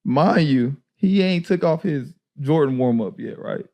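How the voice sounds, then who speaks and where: A man casually telling a story on a podcast, slangy and animated, often laughing. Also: a little high, measured pace, vocal fry. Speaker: podcast guest, former player.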